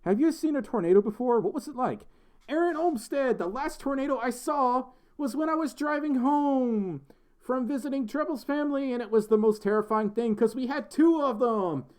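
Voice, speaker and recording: A man's voice: very high-pitched, normal speed. A man with a slight Southern accent from Mississippi, chatting casually on a livestream and reading out chat comments, rambling and self-deprecating with lots of fillers. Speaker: livestream host.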